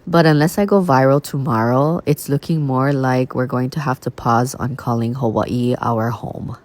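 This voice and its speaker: Low-voiced woman vlogging candidly. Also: a little mellow. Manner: candid, earnest, reflective. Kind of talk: personal vlog.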